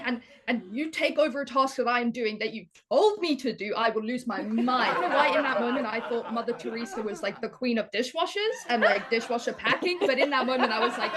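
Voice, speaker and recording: A young adult woman, a daughter and podcast guest, telling a story in animated casual chat, often laughing. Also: high-pitched, a little fast, crowd noise, background noise.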